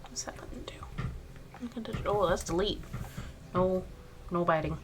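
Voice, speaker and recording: A woman's voice: on the low side, moderate pace. A young woman streaming her drawing session, chatting playfully and fondly to her cat at her home workspace. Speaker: art streamer. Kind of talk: casual chat while drawing. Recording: clicking noise in background.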